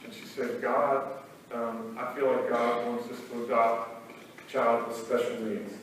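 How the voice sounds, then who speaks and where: A middle-aged man speaks earnestly in a flat, even voice, pausing on ums and restarting his sentences as his emotion catches. He sounds distant from the microphone, in a hall full of heavy echo with a faint hiss behind him. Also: mid-range voice. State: choked up at times. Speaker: guest speaker. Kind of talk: personal story talk to students. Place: large school hall. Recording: very echoey hall, distant mic, faint noise.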